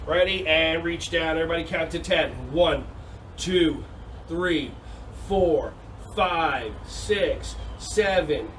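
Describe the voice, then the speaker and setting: A man teaching a silly, energetic online yoga and karate class for kids, teasing them and calling out counts over a video call. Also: on the high side, slow, far from the mic, a little hiss or hum, low-quality recording. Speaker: kids' yoga and karate instructor. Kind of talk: playful online kids' class.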